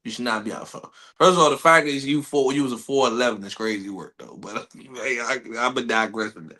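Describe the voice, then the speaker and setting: A man podcast co-host, reacting in a laid-back, halting way with lots of restarts. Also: medium pitch, bright, forceful tone. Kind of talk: casual chat.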